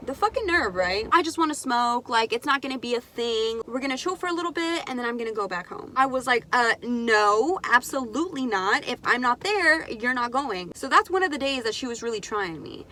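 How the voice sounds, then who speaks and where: A young woman telling a personal story in a candid, animated, profane way on her vlog. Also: a little high, quick pace, few pauses, slight background noise. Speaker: vlogger. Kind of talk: casual storytime.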